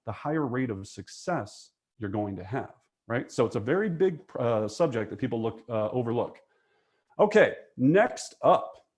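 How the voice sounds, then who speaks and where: Emphatic man coaching real estate agents. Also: medium pitch. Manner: emphatic, energetic, frequent "okay?" and "right?" check-ins. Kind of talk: coaching lesson.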